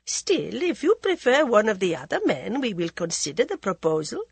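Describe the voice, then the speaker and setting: A dignified queen speaks in a measured, gentle manner, her voice husky and dry, as a woman narrator puts her on. She sounds composed and unhurried, in a storybook reading. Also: mid-range voice, very animated, no room sound, pitched above the performer's own voice, exaggerated voice. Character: dignified middle-aged queen, calm and gentle.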